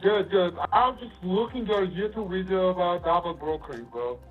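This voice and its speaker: High-voiced man on a tinny phone line. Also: a little fast, faint music behind. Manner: assertive, confrontational, calls the host buddy. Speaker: caller. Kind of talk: phone call argument.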